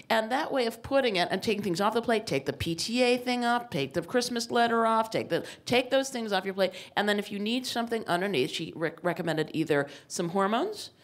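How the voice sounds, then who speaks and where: Animated comic woman telling stories. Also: on the high side. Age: middle-aged. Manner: animated, self-mocking, shifts between loud exclamations and asides. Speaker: author and guest speaker. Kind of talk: comic storytelling on stage. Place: live talk before an audience.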